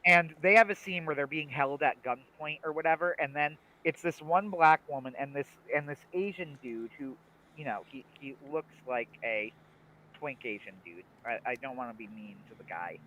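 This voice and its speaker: A man with a bright, forceful voice talks casually on a livestream and argues his opinions with plenty of emphasis. His voice comes through on dull, lo-fi audio. He sounds like a regular co-host holding forth. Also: a little high, normal speed, a little hiss or hum. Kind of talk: casual chat.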